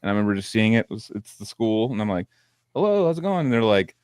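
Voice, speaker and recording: A man's voice: on the low side, little pitch movement, quick pace, clear, resonant tone, no echo, studio quality. A man co-hosting a podcast, telling stories in loose, profane casual chat and laughing often. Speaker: podcast co-host.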